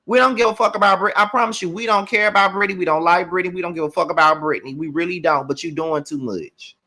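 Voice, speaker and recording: A man with a high, ringing voice reviews a reality TV episode. He rants, swears freely and talks straight to his viewers. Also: fast talker, sharp tone. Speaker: show recap host. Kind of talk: heated reality TV review rant.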